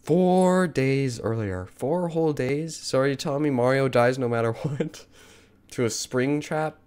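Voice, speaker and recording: A man's voice: mid-range voice, steady tone, normal speed, a little mellow. Joking man doing game commentary. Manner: joking, reads on-screen text aloud. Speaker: gaming YouTuber. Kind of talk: casual gameplay commentary.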